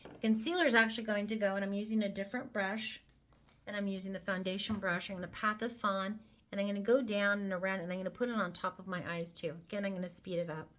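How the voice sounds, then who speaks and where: A woman's voice: mid-range voice, steady tone, fast, a bit bright. A woman presenting a casual makeup tutorial, talking the viewer through each step with chatty, playful asides. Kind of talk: casual how-to demonstration.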